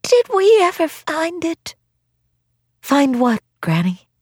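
A frail, feverish old grandmother, as a woman reading aloud puts her on, her voice weak and wavering. She sounds high and thin in this audiobook, recorded close and dry. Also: very animated, slow pace, a little mellow, no room sound, full character voice. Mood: confused.

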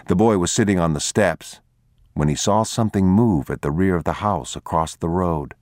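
Deep-voiced man reading a novel. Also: darkish tone, no room sound, clean studio sound. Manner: measured, grave reading. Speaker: narrator. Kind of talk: audiobook narration.

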